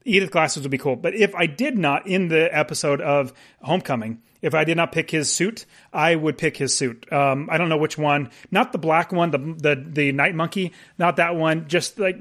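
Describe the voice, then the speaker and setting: Excitable man chatting with easy laughs. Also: on the high side, moderate pace, hardly any pauses. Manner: laughs often, excitable, rambling with restarts. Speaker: podcast co-host. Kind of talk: casual chat.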